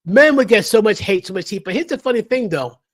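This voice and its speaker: Livestream host, male, higher voice, emphatic lecturing rant. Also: animated, fairly quick.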